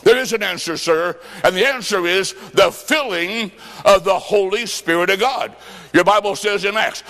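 A man preaching a revival sermon, fervent and storytelling, sometimes shouting. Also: sits high, moderate pace, big-room sound. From Illinois, United States. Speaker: evangelist preacher.

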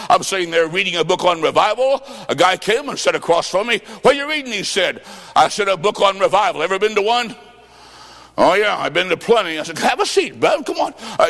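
A fervent evangelist man preaching in a big hall, his fairly high voice ringing out with a long echo. He shouts his points and tells stories in quoted dialogue, sometimes drawing words out almost into song. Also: gravelly. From Illinois, United States. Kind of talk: revival sermon.

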